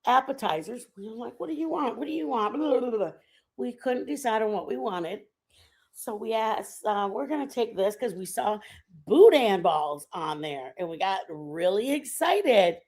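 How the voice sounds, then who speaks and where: A woman streaming a casual chat, telling a rambling travel story in an animated way and laughing often. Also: mid-range voice, unhurried. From Texas. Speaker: stream host.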